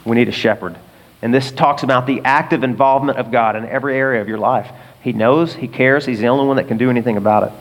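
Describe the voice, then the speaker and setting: A man preaching a sermon as pastor, emphatic, asking the congregation rhetorical questions and swinging between loud bursts and quiet asides. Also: mid-range voice, fairly even intonation, quick pace. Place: large auditorium. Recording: long hall reverb.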